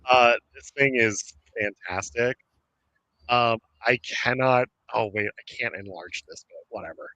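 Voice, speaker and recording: A man's voice: mid-range voice, measured pace, sharp tone, dry recording, dull audio. A man hosting a streamed podcast, chatting casually and rambling with many fillers and laughs. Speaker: podcast host. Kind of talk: casual chat.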